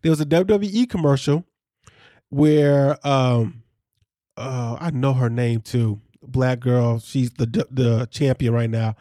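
A man co-hosting a podcast in casual chat, animated and jokey. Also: medium pitch, no echo, clean studio sound. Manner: animated, jokey, quick asides. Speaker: podcast co-host.

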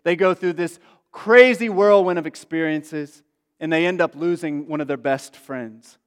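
A man's voice: fairly high pitch, a little slow, clean tone. A man preaching a casual, conversational sermon as a pastor, full of asides and fillers. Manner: chatty, many asides and fillers. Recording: long reverb of a large hall.

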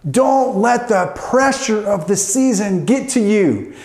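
A man's voice: high-pitched, expressive, slow pace, a little mellow, echoey room. A man preaching a sermon emphatically, calling out to an online congregation. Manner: emphatic preaching with call-outs to the audience. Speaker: pastor. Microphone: online streamed service.

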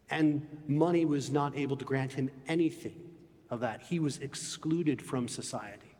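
A man preaching a sermon in an emphatic way, often dropping low and soft on key phrases. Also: moderate pace, big-room sound.

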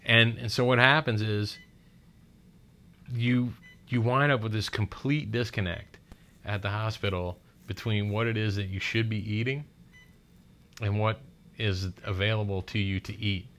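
A man's voice: lowish voice, steady tone, unhurried, pauses often, fairly bright tone, a little hiss or hum. A man on a podcast, recorded in a hospital room, ranting in casual, profane, emphatic chat.

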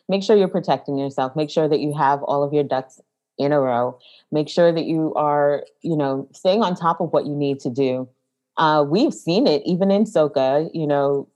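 Woman podcast co-host, deep speaking voice, giggly and upbeat, dispenses advice. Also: warm tone, low-quality recording. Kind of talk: casual chat.

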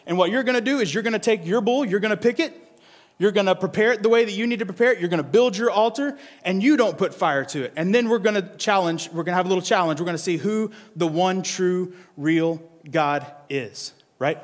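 High-voiced pastor in a reverberant hall. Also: male voice, brisk. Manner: casual, animated, keeps asking "right?". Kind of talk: sermon teaching from scripture. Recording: long reverb of a large hall.

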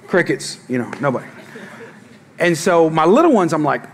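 A man's voice: mid-range voice, normal speed, pauses often, breathy edge. A middle-aged male pastor preaching a sermon, telling jokes and stories and calling out to the congregation. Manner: animated, joking storytelling to the congregation.

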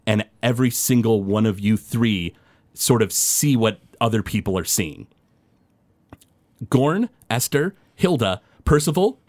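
A man's voice: medium pitch, no room sound. A man narrating a tabletop game as game master, describing scenes loosely with many fillers.

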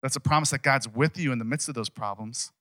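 Male pastor, casual sermon, emphatic and conversational; crisp bright tone, dry close sound. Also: medium pitch, quick pace, dry recording.

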